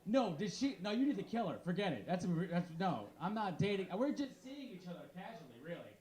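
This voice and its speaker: A man in his thirties works a small bar crowd with deadpan one-liners. His voice sits high and swings widely in pitch, and he talks into a handheld stage mic. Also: fairly quick. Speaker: stand-up comedian. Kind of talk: stand-up comedy set.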